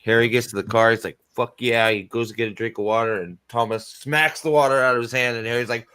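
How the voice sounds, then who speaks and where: A man in casual book-discussion chat, profane and animated, acting out scenes as he retells them. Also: mid-range voice, fast talker, clear, resonant tone, no room sound. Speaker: podcast host.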